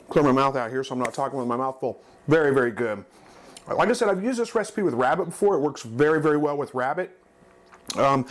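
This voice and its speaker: A man hosting his own cooking video, talking through a recipe in a relaxed, folksy, chatty way. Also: medium pitch, fast. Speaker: cooking channel host. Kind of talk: casual cooking demonstration.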